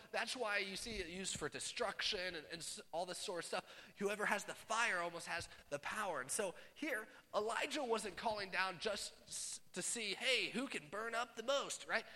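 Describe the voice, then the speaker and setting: Male pastor, high ringing voice, animated sermon delivery, reverberant hall. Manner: animated, swings from loud bursts to hushed asides. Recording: long reverb of a large hall.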